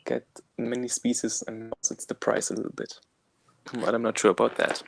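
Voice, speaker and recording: A man from Germany with a German accent, a guest answering interview questions in a measured, hesitant way. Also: medium pitch, flat delivery, gravelly, whispered, low-quality recording. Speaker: guest invertebrate keeper.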